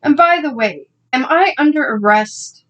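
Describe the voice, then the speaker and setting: A defiant teenage boy talks in a high, mocking voice, as a man puts him on. He is cheeky and sarcastic throughout this storybook reading. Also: lively intonation, unhurried, fairly bright tone, lo-fi sound, exaggerated voice.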